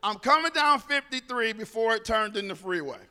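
A man speaking to a group, telling a personal story in an animated way and acting out the dialogue. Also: high voice, moderate pace, clear, resonant tone, long reverb tail.

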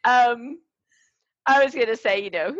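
A woman co-hosting a casual podcast chat, playful and quick to laugh. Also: fairly high pitch, a bit bright, dry recording, muffled recording. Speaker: podcast co-host.

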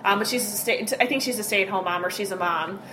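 A woman co-hosting a casual podcast chat who tells stories in an animated, frank and profane way. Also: medium pitch, quick pace. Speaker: podcast co-host. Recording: noisy background hiss.

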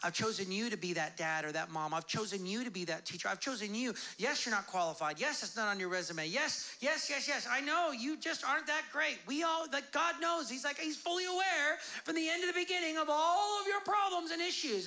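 A man preaching a sermon as pastor, casual and animated, acting out the voices of God and his listeners. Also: very high voice, normal speed, hardly any pauses. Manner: casual, conversational preaching with fillers.

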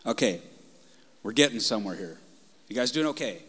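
A male pastor preaching a passionate, conversational sermon in a church, moving between loud and soft delivery. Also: fairly low pitch, expressive, fairly quick, husky, big-room sound. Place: church sanctuary.

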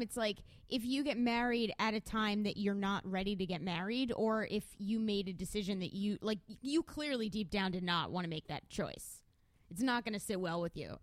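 A woman's voice: medium pitch, dry recording. A woman on a panel presenting research, frank and chatty, often restarting her sentences. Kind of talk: casual chat.

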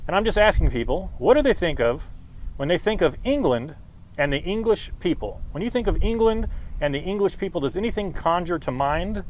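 A man's voice: sits high, expressive, fairly quick, a little mellow, slight background noise. A man interviewing passersby on the street in a casual, upbeat way, laughing often. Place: outdoors on a street.

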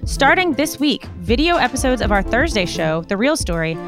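A woman co-host reading show announcements and introducing the panel in a measured, announcer-like way. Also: a little high, very animated. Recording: music playing behind the voice. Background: music.

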